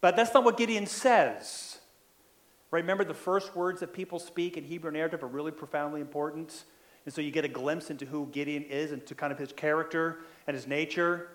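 A man's voice: a little high, fairly even intonation, brisk, a bit bright, roomy sound. A male pastor preaching a sermon, often checking in with "right?" and acting out quoted lines. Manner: frequent "right?" tag questions, acts out quoted lines.

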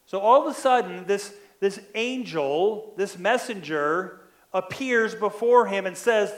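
Male pastor, high voice, conversational sermon, habitual "right?" tags. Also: animated, unhurried, reverberant. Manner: frequent "right?" tag questions, acts out quoted lines.

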